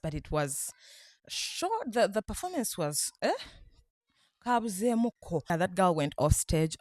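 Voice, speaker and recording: A woman vlogger from Uganda excitedly retelling a night out, laughing often as she talks. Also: on the low side. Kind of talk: casual storytelling vlog.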